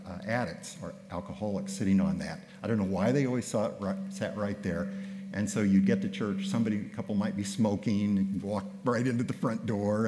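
An older male pastor tells stories from the pulpit in a relaxed, conversational way, often restarting his sentences. His voice sits very low. The sound rings with the long reverb of a large hall. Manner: conversational, anecdotal, with frequent restarts. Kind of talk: sermon storytelling.

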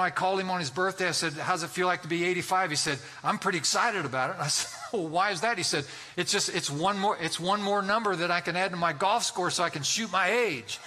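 A pastor in his sixties preaches a sermon in a high, pushed and bright voice. He tells folksy stories and urges his listeners on with emphatic exhortations.

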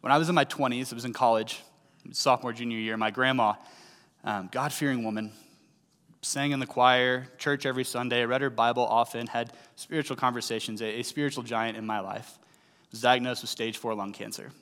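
A man's voice: mid-range voice, fairly even intonation, fairly quick, fairly bright tone. A man in his thirties from St. Louis preaching a sermon, telling a personal story in a conversational way with rising emphasis on key lines. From St. Louis, USA. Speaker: pastor. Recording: hall with long reverb.

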